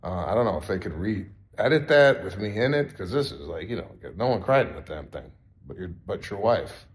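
Male podcast co-host, lowish voice, casual and profane delivery. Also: sing-song, moderate pace. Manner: loose and profane, calls people bro. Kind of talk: casual podcast chat and ad read.

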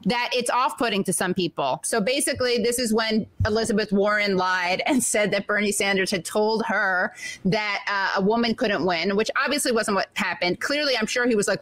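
A woman hosting a casual political chat show, joking and sarcastic, with quick asides. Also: medium pitch, a bit bright, low-quality recording. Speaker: show host.

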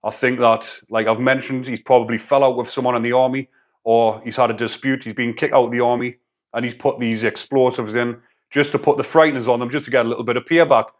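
A man's voice: mid-range voice, steady tone, quick pace. A man, a former prisoner, giving a blunt, casual opinion monologue full of prison slang. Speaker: YouTube commentator, former prisoner.

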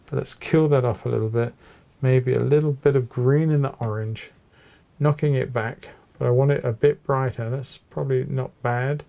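Gravelly, mellow man teaching painting. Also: mid-range voice. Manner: relaxed, chatty, thinks aloud while painting. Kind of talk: narrated oil painting tutorial. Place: small home studio with a low ceiling.

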